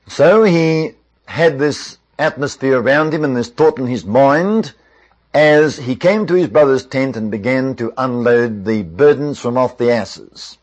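A man tells a Bible story with expressive delivery, slowing and speeding up as the tale unfolds and adding asides to the listener. His voice sits at an ordinary middle pitch. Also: muffled recording. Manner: expressive, with varied pacing and asides.

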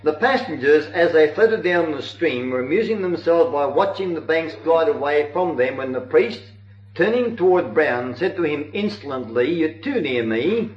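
A man's voice: on the high side, expressive, normal speed. A man giving a sermon on church history, telling it earnestly with occasional hesitations, in a dull, roomy old recording. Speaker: preacher.

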